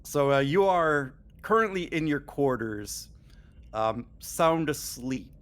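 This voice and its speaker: A man's voice: a little high, slow. A man narrating as game master of an online tabletop role-playing game, talking casually with fillers and restarts. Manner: relaxed, with many fillers and restarts.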